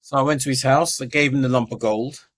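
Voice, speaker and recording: A man's voice: mid-range voice, brisk. Guy, middle-aged, telling his story on a podcast, does everyone's voices. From England. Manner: animated storyteller acting out quoted voices. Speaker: guest.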